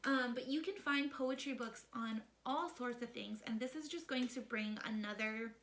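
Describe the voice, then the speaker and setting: Female vlog host, animated and emphatic, bright crisp tone, casual advice. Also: a little high, normal speed. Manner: emphatic, chatty, often adds "okay?"; lively and animated. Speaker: parenting book-club host.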